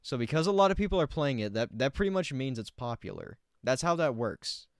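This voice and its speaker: A man's voice: mid-range voice, very animated, fairly quick, no room sound, studio quality. A man streaming himself reacting to a video, rambling casually and arguing back at what he hears.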